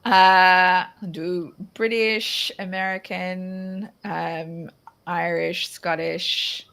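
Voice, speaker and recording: A woman's voice: fairly low pitch, little pitch movement, extremely slow, vocal fry, a bit bright. An Australian woman hosting a casual chat, talking loosely with many restarts and laughing often. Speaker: podcast host.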